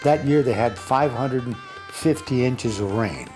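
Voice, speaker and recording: A man's voice: mid-range voice, measured pace, over music. A man in his nineties from the United States, telling old war memories in a rambling way, chuckling and restarting often. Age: 90s. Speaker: interviewee recounting war memories. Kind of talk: oral history reminiscence.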